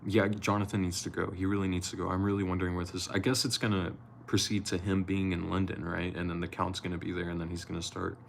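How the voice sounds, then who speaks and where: A man's voice: deep voice, flat delivery, fast, vocal fry, hardly any pauses, slight background noise. A man reading a novel aloud on a live stream, chatting loosely with viewers, swearing casually and slipping over words.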